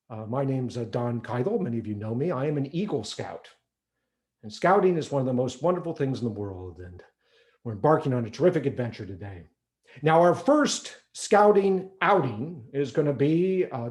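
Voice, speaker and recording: Man doing a folksy scoutmaster, speechy, lots of uh's, pretty lively delivery. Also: medium pitch, natural voice. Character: hearty middle-aged male scoutmaster, salesy.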